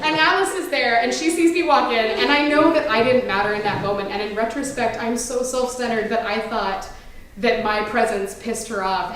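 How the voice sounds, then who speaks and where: Self-mocking woman telling a story on stage. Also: on the high side. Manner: wry, self-mocking, profane. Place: small theater with audience. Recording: echoey room recording from far off, with noise. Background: audience laughter.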